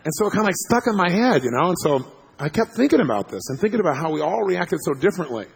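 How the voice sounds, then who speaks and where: A man telling a story to an audience as a motivational speaker, animated and laughing as he acts out what people said. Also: high voice, fast talker, vocal fry, a little hiss or hum.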